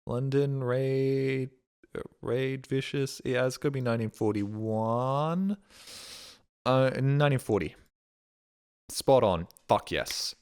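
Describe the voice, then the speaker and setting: A man's voice: mid-range voice, darkish tone, clear, resonant tone. A male streamer giving casual gaming commentary, thinking aloud, swearing freely and bragging.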